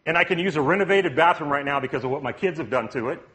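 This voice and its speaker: A man's voice: on the high side, expressive, racing, bright, forceful tone. A man preaching a conversational sermon, casual and joking, with frequent restarts and asides to the congregation. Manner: casual and joking, frequent restarts and "you know what I mean". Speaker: pastor.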